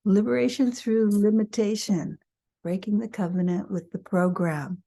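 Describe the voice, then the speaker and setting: A woman's voice: medium pitch, fairly even intonation, warm tone. A middle-aged woman teaching, reading her own booklet aloud with chatty asides and little acted-out voices. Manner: chatty, laughs at herself, acts out quick voices. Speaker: human design teacher.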